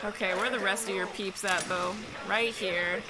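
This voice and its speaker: A young woman streaming a game, chatting casually with loud, excitable outbursts. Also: mid-range voice, normal speed. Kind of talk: live gameplay commentary. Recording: stream audio with background noise.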